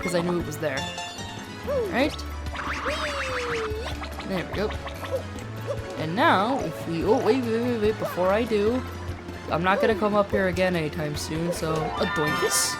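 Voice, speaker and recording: Rambling woman narrating a game. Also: medium pitch. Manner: laughing, rambling, self-mocking. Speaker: let's-play host. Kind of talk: casual gameplay commentary. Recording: game music behind.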